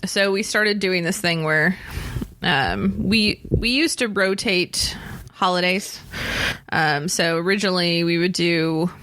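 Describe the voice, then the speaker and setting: A woman co-hosting a podcast in casual chat, telling a family story in a measured, thoughtful way. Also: lowish voice, fairly bright tone, no room sound. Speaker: podcast co-host.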